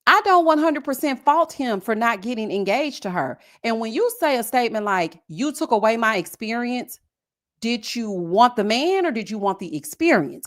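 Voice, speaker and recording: A sassy woman with a fairly high voice gives casual commentary on a reality show. She is animated and mocking, and she drops "honey" and "girl" into nearly every line. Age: adult with a son.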